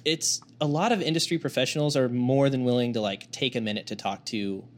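A man's voice: mid-range voice, a little fast. A man appearing as a podcast guest, an audio engineer who rambles and uses lots of fillers. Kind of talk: casual interview.

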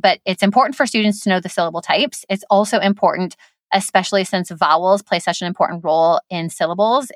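A woman and former teacher hosting an instructional podcast, explaining reading rules clearly and sounding out letters and words. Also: fairly low pitch, fairly bright tone, no room sound.

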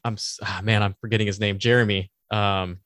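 A low-pitched man in casual podcast chat. He rambles and restarts his thoughts often. The sound is dry and close. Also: level tone, brisk, a bit bright, no echo. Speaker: podcast co-host.

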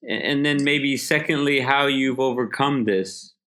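Bright-voiced man asking easy questions. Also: medium pitch, unhurried. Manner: casual, prompting with "you know". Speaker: interviewer. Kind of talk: conversational interview questions.

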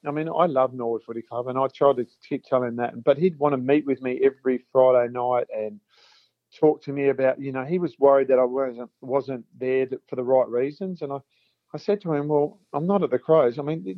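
A man's voice: medium pitch, dry recording, phone-quality sound. A man, a former footballer telling long stories in an interview, repeating himself and acting out old conversations. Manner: chatty, repeats words, acts out quotes. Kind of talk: storytelling interview.

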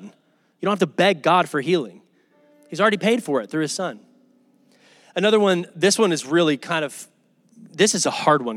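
A man's voice: on the high side, a bit bright, dry recording. A man preaching a sermon to his church in a casual, conversational way, acting out the people in his stories. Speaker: pastor.

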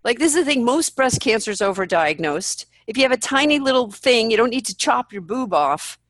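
A woman speaks bluntly and with animation as an interview guest, swearing freely and slipping into quoted voices. Her voice sits a little high. The sound is dry and close. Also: animated, fairly quick, no room sound. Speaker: podcast guest. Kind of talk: candid conversational interview.

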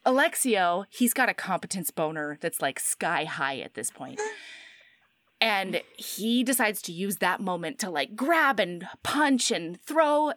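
Animated woman recapping a story. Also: mid-range voice, a little slow, no echo. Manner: animated storytelling with frequent "like", acting out quotes. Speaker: podcast co-host. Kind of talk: casual chat, book recap.

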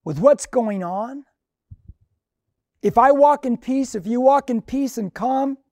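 Older male pastor, earnest and conversational, warm mellow voice, dry recording. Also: very high-pitched, slow, no echo. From Mexican heritage. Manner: earnest, conversational, acts out dialogue. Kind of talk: sermon storytelling.

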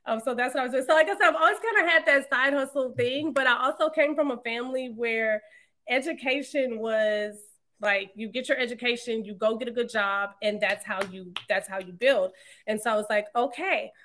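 A woman in her thirties, a podcast guest, telling her story in a casual, animated way and laughing often. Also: on the high side, brisk. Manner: animated, laughs often, quotes others in lively voices. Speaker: podcast guest, marketing entrepreneur.

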